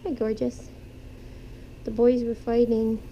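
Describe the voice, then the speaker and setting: A woman talks to her pets as she cleans their cages, her voice gentle and soothing. It sits a little high but sounds very dark and mellow, with a gravelly edge. A faint noise runs under the home recording. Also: flat delivery, takes it slowly, muffled recording. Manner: soothing, talks softly to animals. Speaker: pet vlogger. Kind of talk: casual talk to pets while cleaning cages. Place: indoor room with pet cages.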